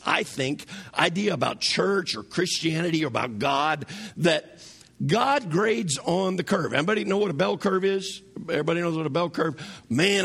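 A man's voice: fairly high pitch, vocal fry, fairly bright tone, slightly rough. A man preaching a conversational sermon to his congregation in a church, asking them questions as he goes. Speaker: pastor. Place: church sanctuary.

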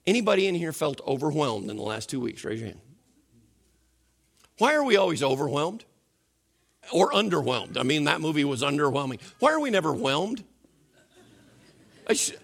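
A man preaching a sermon as pastor in a church, animated and asking the congregation questions. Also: a little high, vocal fry, husky.

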